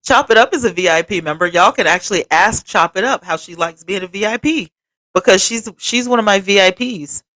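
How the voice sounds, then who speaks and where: A woman's voice: medium pitch, a little fast, a bit bright, no echo. A woman hosting a casual livestream, chatting expressively and talking straight to her viewers as she reads their comments. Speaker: livestream host.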